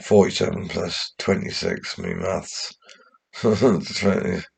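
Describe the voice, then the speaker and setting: A man talking in a rambling, casual monologue, often swearing and restarting his sentences, with a gravelly, husky voice. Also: sits low, fairly even intonation, slow. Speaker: commentator.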